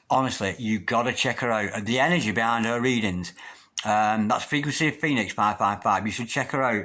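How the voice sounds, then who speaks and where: A man's voice: medium pitch, a bit bright. Man, tarot reader, earnest, hesitant, repeats words, mid-range voice. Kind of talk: spoken tarot reading to camera.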